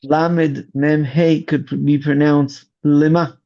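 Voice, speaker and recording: A man who commands rescue volunteers, telling his story slowly in an interview and searching for his words. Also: mid-range voice, fairly even intonation, vocal fry. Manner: slow, searching storytelling with restarts. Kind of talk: interview testimony. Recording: dull lo-fi audio.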